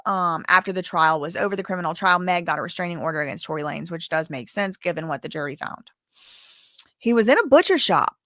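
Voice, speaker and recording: A woman's voice: sits low, fairly even intonation, fast, hardly any pauses, pushed and bright, no echo, studio quality. Chatty woman hosting legal commentary. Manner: chatty, digressive, blunt asides. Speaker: commentary channel host. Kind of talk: casual livestream legal commentary.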